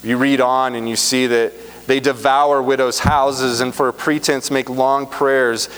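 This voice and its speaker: A man's voice: medium pitch, level tone, measured pace, a bit bright, clean tone. A man preaching a sermon in an earnest, emphatic way, repeating phrases for stress. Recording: reverberant hall, faint hum.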